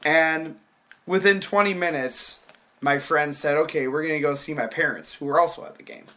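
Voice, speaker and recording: A man's voice: on the high side, moderate pace. A young man casually telling a story, acting out the people in it and swearing freely. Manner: animated, acts out quoted voices, swears casually.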